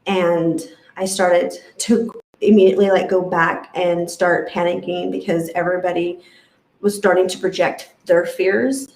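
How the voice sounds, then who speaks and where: A woman's voice: fairly low pitch, flat delivery, unhurried, a little mellow, echoey room, low-quality recording. A woman sharing a personal story in an emotional, rambling way, with many fillers. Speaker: retreat guest sharing her experience.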